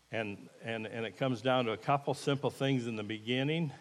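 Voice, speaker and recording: A man's voice: medium pitch, fairly even intonation, brisk, few pauses. A man giving an informal, plain-spoken sermon with a live demonstration, in an earnest, folksy manner. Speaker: lay preacher. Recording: echoey hall with long reverb.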